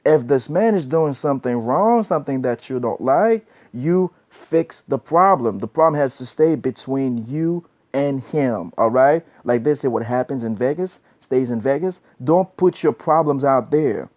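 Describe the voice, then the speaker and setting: A man with a medium-pitched, slightly mellow voice and lively intonation gives blunt, preachy relationship advice, unhurried yet with hardly any pauses. His casual monologue repeats itself and is sprinkled with "man." It's a dull lo-fi recording.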